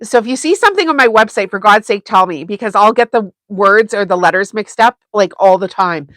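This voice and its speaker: A woman's voice: mid-range voice, animated, a little fast, a bit bright, no echo. A woman hosting a sewing livestream, chatting casually with viewers and laughing often. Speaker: sewing channel host.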